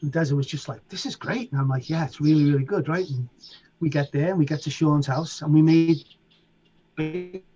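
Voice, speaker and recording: A middle-aged man from England with a Liverpool accent, a DJ telling animated stories as an interview guest and acting out voices and sounds. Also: a little high, a little fast, husky, lo-fi sound. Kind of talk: casual storytelling.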